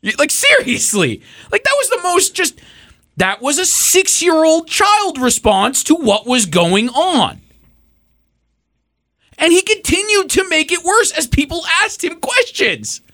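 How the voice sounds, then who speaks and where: A man's voice: very high-pitched, big pitch swings, measured pace, pushed and bright, dry recording, studio quality. A young man co-hosting a sports podcast, ranting sarcastically and swearing as he builds up heat. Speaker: podcast co-host. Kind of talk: casual sports podcast rant.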